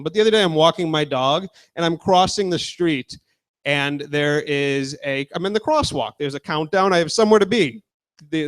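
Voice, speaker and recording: Crude young stand-up comic, high voice. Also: male voice, a bit bright. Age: 20s. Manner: casual, crude, talks with the crowd. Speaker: stand-up comedian. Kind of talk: stand-up set.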